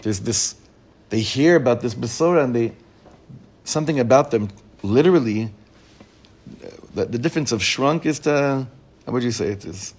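A rabbi teaching his class, a man with a mid-range voice who reads a passage aloud and then unpacks it line by line. His pitch climbs as he reads out excited questions, then sinks low and quiet when he explains a word. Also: normal speed, pauses often, breathy edge. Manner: animated, pitch rising when reading children's excited questions. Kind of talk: Torah lesson.

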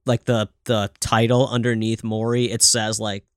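A man's voice: lowish voice, little pitch movement, moderate pace, hardly any pauses, a bit bright, no room sound, studio quality. A man co-hosting a comedy podcast, chatting casually with loose, profane, laughing riffs. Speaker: podcast co-host.

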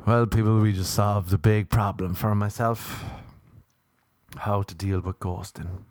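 Young male comic, low mellow voice, loose sweary rambling delivery. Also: fairly even intonation, a little slow, no room sound. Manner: sweary, laughing, rambling storyteller. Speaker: stand-up comedian. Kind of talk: casual rambling monologue.

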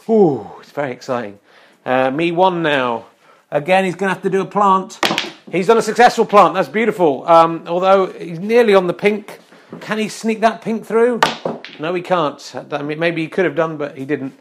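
High-voiced man doing mock snooker commentary. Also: background noise. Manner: wry, mock-serious, quick asides. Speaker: comic mock sports commentator.

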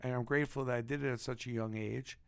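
A man with a Brooklyn accent, a podcast guest telling stories from his life in an animated, emphatic way. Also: mid-range voice, fast, vocal fry, clear, resonant tone, no room sound. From Brooklyn, New York. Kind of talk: casual storytelling.

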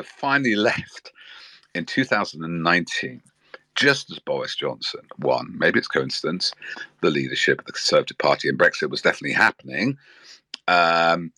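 A man with a very deep yet forceful, bright-edged voice, talking about politics with earnest energy. He often stops mid-phrase and restarts. The recording is close and dry. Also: no room sound. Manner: earnest and animated, with frequent restarts. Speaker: political commentator. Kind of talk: spoken talk with stops and restarts.

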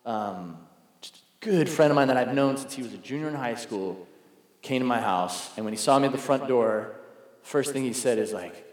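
A pastor preaches a sermon in an echoey hall, speaking at medium pitch and a moderate pace. He tells stories conversationally and acts out the voices of the people he quotes.

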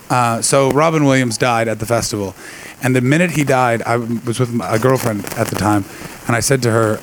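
A man's voice: medium pitch, a little hiss or hum, poor audio. A man doing a stand-up set before a live audience, telling profane rambling stories and teasing the crowd. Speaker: stand-up comedian.

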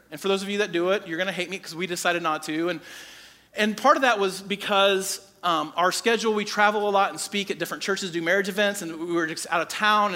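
A man in his forties preaching with a high, bright voice. He tells stories in an animated way and acts out quotes from the people in them, then slows into earnest points for the congregation. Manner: animated storytelling, quoting people in his own voice. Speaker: pastor. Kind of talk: sermon.

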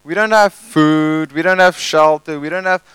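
A man's voice: on the high side, a bit bright, smooth, no echo, close to an everyday voice. A man doing a whiny complaining wanderer. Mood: whining. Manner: complaining, plaintive, drawn-out. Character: grumbling adult Israelite crowd member, whiny.

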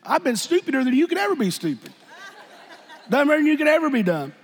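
A man preaching a sermon and telling his own story, shifting from shouted bursts to hushed, quiet talk in a folksy way. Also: very high-pitched, big pitch swings, fast, a faint crowd. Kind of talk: sermon with personal testimony. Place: church sanctuary. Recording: long church reverb.

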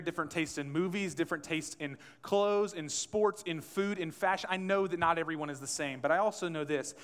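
A man's voice: a little high, a bit bright. A man preaching a conversational sermon as pastor, acting out quotes and asking the room questions. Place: church sanctuary. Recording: long church hall reverb.

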